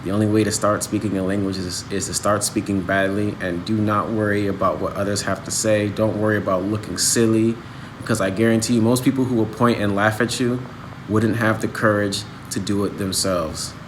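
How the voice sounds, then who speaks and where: A man's voice: fairly low pitch, fairly even intonation, brisk, noisy background. A young man from Nigeria hosting a language-learning channel, talking earnestly and persuasively to camera in a casual vlog monologue. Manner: earnest, persuasive, rising in intensity when making a point.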